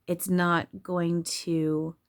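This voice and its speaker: A woman's voice: lowish voice, flat delivery, very slow. A woman channeler talking casually and candidly about spirituality, swearing freely and laughing often.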